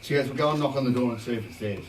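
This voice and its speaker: A man's voice: medium pitch, very fast, far from the mic, a little hiss or hum. An Australian man, a band singer, casually telling a rambling story and laughing along as he hosts a livestream. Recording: roomy, from off the mic, guitar music.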